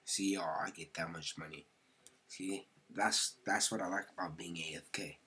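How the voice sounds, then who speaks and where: A man's voice: deep voice, steady tone, moderate pace, sharp tone, husky. A man narrating his gameplay casually, slangy and chatty, often muttering or whispering to himself. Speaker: gaming video creator.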